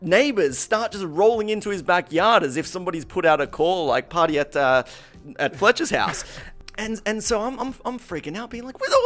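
A man's voice: sits high, normal speed, soft background music. A man telling a long anecdote in casual chat, swearing freely and acting out what people said. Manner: animated, swearing, acts out quoted voices.

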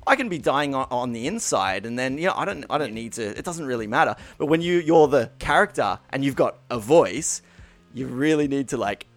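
Teasing host, tenor, very animated delivery. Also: male voice, medium pitch, brisk, no room sound, faint music behind. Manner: animated, teasing, laughs a lot. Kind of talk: casual chat.

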